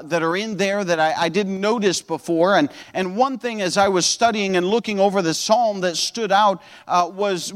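A man's voice: sits high, fairly bright tone, big-room sound. A man preaching a sermon in a church auditorium, earnest, often repeating words and saying uh.

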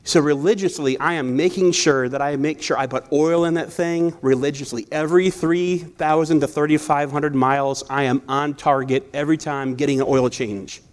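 Guy preaching, chatty storytelling sermon, slightly high voice. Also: fairly even intonation, normal speed, hardly any pauses. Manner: conversational, storytelling, self-correcting. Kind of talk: sermon with personal stories.

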